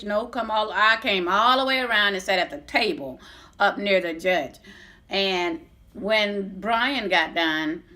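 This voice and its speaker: Bright and forceful in tone, with medium pitch and an unhurried delivery, a middle-aged woman vlogs a long story from her life. She's candid, profane and talkative, often starting sentences over.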